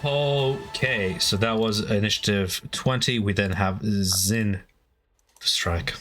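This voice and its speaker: A man's voice: fairly low pitch, takes it slowly, fairly bright tone. Game master guy, laid-back rules explainer, music playing behind. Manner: explains rules, laughs easily. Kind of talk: running a tabletop game. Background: background music.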